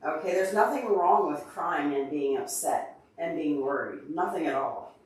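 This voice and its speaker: Teary upset guy chatting to his stream, voice a bit high, way off the mic in a super echoey room. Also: moderate pace, recorded from a distance. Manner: emotional, earnest, openly tearful; talks to viewers by name. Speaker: livestream host answering chat. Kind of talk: casual livestream chat.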